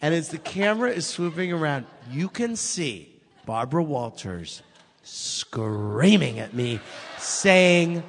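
Man telling stories, slightly high voice. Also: slow pace, creaky, big-room sound. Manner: animated storyteller, acts out quotes. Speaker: author guest. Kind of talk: casual chat.

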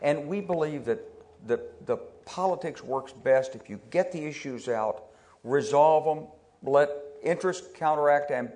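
An older American man, a retired army officer, giving a conversational public talk full of anecdotes, restarting and repeating words as he goes. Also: mid-range voice. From United States. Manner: conversational, repeats words when restarting, quotes people in lively put-on voices.

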